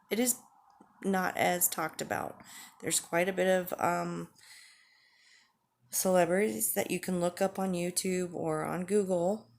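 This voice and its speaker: A woman in her forties talking candidly to the camera in a halting, earnest way, with frequent pauses and fillers. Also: lowish voice, gravelly. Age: 40s. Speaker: vlogger. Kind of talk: candid personal vlog talk.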